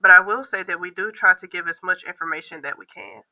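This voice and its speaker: A woman who works as a university admissions processor, giving a prepared class video reflection with a hoarse voice. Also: lowish voice, quick pace, pushed and bright, low-quality recording. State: hoarse from losing her voice.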